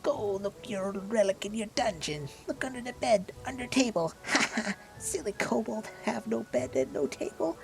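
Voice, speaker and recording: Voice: medium pitch, lively intonation, normal speed, creaky, few pauses, soft background music, pitched above the performer's own voice. A gamer voicing a tiny, mocking male mite seneschal in a sing-song way. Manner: taunting sing-song, fawning.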